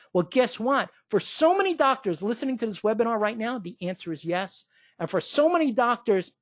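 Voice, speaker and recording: A woman hosting a webinar, giving an enthusiastic sales pitch full of rhetorical questions. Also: dry recording. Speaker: webinar host pitching a training event. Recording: dull lo-fi webinar audio.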